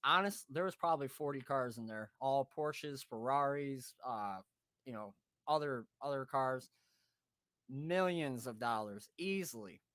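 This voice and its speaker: A man's voice: medium pitch, a little slow, fairly bright tone, no echo. A man hosting a podcast, telling a rowdy story in a casual way, swearing freely, laughing and acting out his friends' voices. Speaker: podcast host.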